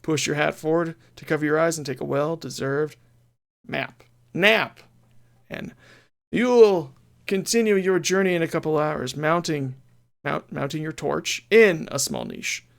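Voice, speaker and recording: A man's voice: a little high, unhurried, gravelly. A man streaming a retro game, chatting casually and playfully, reading game text aloud with mock drama.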